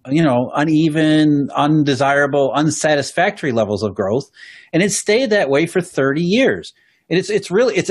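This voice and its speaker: A man's voice: medium pitch, husky. A man talking as a guest on a podcast, explaining economic history at length, often restarting and repeating words as he goes. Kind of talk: podcast conversation.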